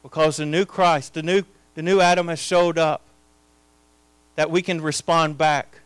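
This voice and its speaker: A man preaching a sermon as pastor, his delivery swinging between hushed, intimate lines and loud, impassioned proclamations. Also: fairly high pitch, steady tone, measured pace, smooth, no echo.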